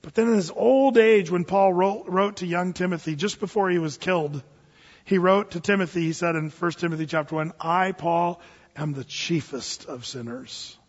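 High-voiced preaching pastor in a hall. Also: male voice, fairly quick. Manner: conversational preaching, voices quoted people. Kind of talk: sermon. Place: church sanctuary. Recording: dull, echoey church hall.

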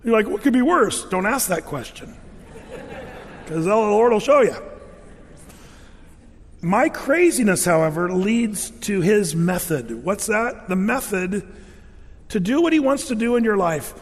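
A man with a high voice preaches a sermon, telling stories with lively voiced quotes and playful sound effects. His voice rings out in a large hall with a long reverb. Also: a little slow, pauses often, breathy edge. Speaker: pastor.

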